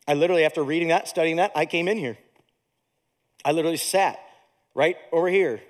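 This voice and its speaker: A man preaching a sermon as pastor, passionate, moving between hushed reflection and excited exclaiming. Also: fairly high pitch, quick pace. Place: church stage.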